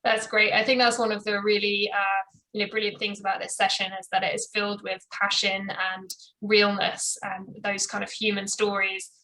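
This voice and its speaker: A woman moderates a panel in an encouraging, steady way. Her voice is bright and forward, and her pitch barely moves. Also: moderate pace, rough recording. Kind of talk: panel discussion.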